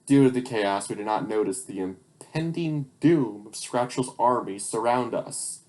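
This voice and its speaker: A man's voice: mid-range voice, lively intonation, a little slow, darkish tone. A young man reading his childhood stories aloud, breaking off for incredulous, sarcastic, swearing asides. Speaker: channel host.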